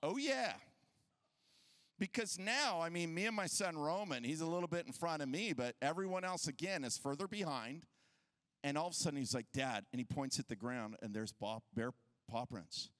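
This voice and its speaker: Male pastor, 30s, animated sermon storyteller, bright tone, dry close sound. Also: a little high, moderate pace, no echo. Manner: animated, acts out quoted voices.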